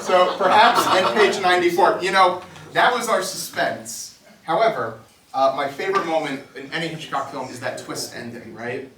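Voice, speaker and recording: A man's voice: on the high side, normal speed, crowd noise. A man from New Jersey performing a comedy magic show on a club stage, joking playfully with the audience. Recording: roomy club sound from a distance.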